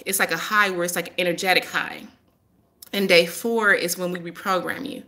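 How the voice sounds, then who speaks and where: A woman's voice: fairly low pitch, steady tone, normal speed, pushed and bright. A woman hosting a live stream as a healer, talking casually and firmly repeating her warnings to viewers.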